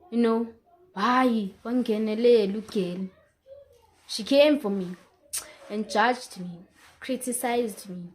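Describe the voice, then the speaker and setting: A woman's voice: fairly high pitch, a little mellow. A young woman with a South African accent telling a personal story in a vlog, emotional and repetitive, slipping isiZulu words into her English. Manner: emotional, repeats phrases, mixes in isiZulu words. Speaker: vlogger. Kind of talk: personal life-update storytelling.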